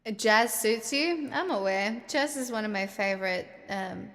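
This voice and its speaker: A woman's voice: mid-range voice, expressive, a little slow, fairly bright tone, in a large hall. An Australian woman chatting on a live stream, swearing freely and firing off exasperated questions. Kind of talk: casual live-stream chat.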